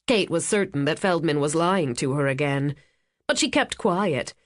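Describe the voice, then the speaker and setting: A woman narrating a thriller audiobook in an even, steady storytelling manner on a close studio mic. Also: deep voice, normal speed, no echo.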